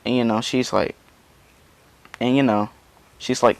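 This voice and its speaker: A man's voice: medium pitch, steady tone, a little slow, vocal fry. A man casually retelling a fan story, rambling and padding it with constant fillers. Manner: rambling, full of "you know" fillers.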